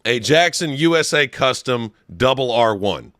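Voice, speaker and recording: A young man co-hosting a crude comedy podcast, an animated storyteller who swears a lot and breaks into laughs. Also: mid-range voice, measured pace, dry recording, clean studio sound. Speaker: podcast co-host.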